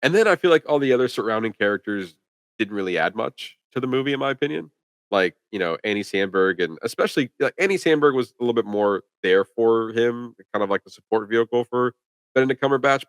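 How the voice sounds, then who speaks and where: A man co-hosts a casual movie-review chat, talking quickly and piling up "like" as he goes. His voice sits on the low side, and the recording is dry and close with no room sound. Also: animated, clean tone, dry recording. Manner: rambling, filler-heavy with lots of "like". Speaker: podcast co-host.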